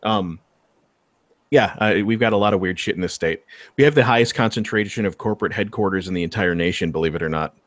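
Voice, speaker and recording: A man's voice: sits low, quick pace, no echo. A man chatting casually on a livestream, often stammering and repeating words and swearing freely. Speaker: livestream co-host. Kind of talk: casual group chat.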